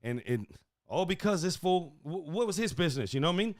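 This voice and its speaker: A man from Houston, hosting a podcast and telling a profane story in casual chat, swinging from loud bursts to hushed asides. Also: a little high, animated, quick pace, no echo, clean studio sound. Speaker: podcast host.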